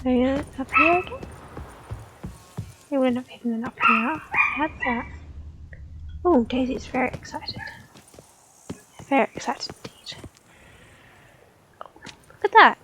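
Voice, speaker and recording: A woman live-streaming a video game, chatting casually in a soft-spoken way and cooing fondly at her dogs. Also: high voice, measured pace, pauses often, heavy background noise.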